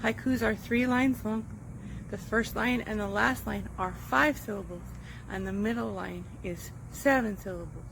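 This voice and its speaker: A woman's voice: medium pitch, moderate pace, creaky, noisy background. A woman teaching a poetry class, explaining step by step and checking in with the listener as she goes. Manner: friendly explaining, checks in with "right?". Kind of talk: online class lesson.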